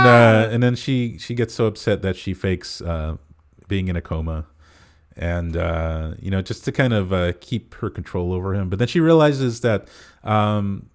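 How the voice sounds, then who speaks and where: A man with a low, deep voice chatting casually about a film on a podcast. He wanders through the plot with frequent "uh" pauses, relaxed and unscripted. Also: clean tone. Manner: rambling plot recap full of "uh" fillers. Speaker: podcast co-host. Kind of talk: casual movie review chat.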